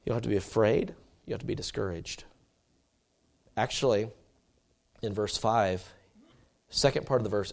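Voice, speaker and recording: A man's voice: lowish voice, moderate pace, creaky, long pauses, a little mellow. A man preaching a sermon in a conversational, storytelling way, with many fillers and restarts.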